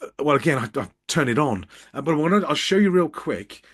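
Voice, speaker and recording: A man's voice: fairly high pitch, expressive, brisk, a bit bright, slightly rough. A middle-aged man from Birmingham, England, giving casual tips straight to camera from his office as a business coach, with dry, self-mocking jokes. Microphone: camera at eye level with ring light.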